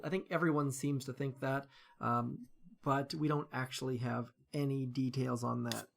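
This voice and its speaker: A man's voice: a little high, a bit bright. A man giving casual live-stream commentary on a game, chatty and rambling, greeting viewers by name and thinking aloud with lots of fillers.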